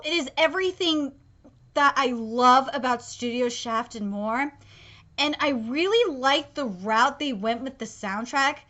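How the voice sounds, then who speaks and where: A woman's voice: fairly high pitch, a bit bright, lo-fi sound. A young woman giving an emotional live reaction to an anime episode, gushing and full of fillers and restarts.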